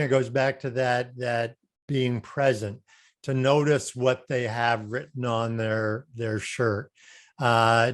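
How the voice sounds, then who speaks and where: A middle-aged man speaking as an interview guest, earnest and conversational, often repeating and restarting words as he makes his point. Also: medium pitch. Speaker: guest, customer service speaker. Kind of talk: casual interview chat.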